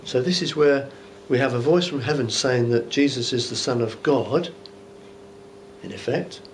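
Bishop preaching in church: man, mid-pitched, chatty musing sermon, soft hiss underneath. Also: moderate pace. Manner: conversational and musing, with rhetorical asides. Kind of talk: informal Bible teaching sermon.

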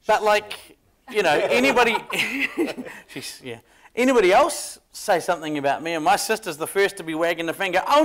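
Man, New Zealand accent, panel guest, rambling, self-mocking, raised pitch. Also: a bit bright. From Dunedin, New Zealand.

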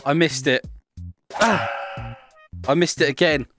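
This young man's voice is on the high side and a bit bright, and he takes his time speaking while faint music plays. He's hosting a gaming video, teasing players, giggling, and laughing often through his playful play-by-play.

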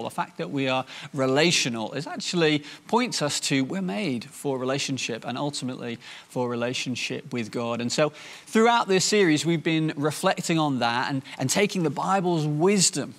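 A man giving a sermon in a conversational way, pausing often with fillers and restarting his sentences. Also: on the high side, fairly bright tone. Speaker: preacher.

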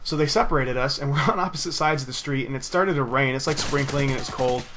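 Over gameplay, a young gaming video host with a mid-range voice tells a rambling story at a quick pace, swearing freely and laughing at his own tale. The background is noisy.

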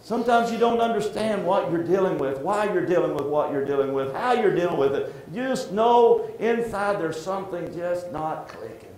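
A middle-aged man preaching a sermon as pastor, heartfelt and halting, often restarting his sentences. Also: high voice, expressive, a little mellow, slight background noise. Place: church sanctuary. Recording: echoey church room.

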